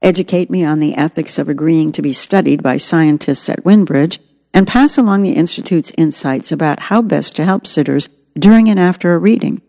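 A woman's voice: deep voice, moderate pace, gravelly, warm tone, in a large hall. A woman narrating her own memoir as an audiobook, in an earnest, reflective way.

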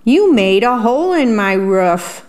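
A woman voicing a fussy little worm who lives in an apple, with high fretful cries. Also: sing-song, unhurried, a little mellow. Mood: indignant.

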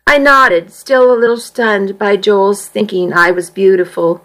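A woman reading a first-person story aloud in a soft, measured way. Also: mid-range voice, lively intonation, low-quality recording. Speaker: audiobook reader.

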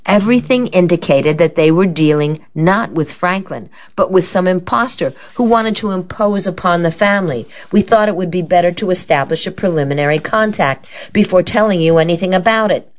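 Nervous smoothing-over guy, woman reading him, hurried, lo-fi muffled sound. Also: lowish voice, voice pushed up, close to an everyday voice. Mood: placating. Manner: hasty, placating. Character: anxious placating middle-aged man. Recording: dull lo-fi recording.

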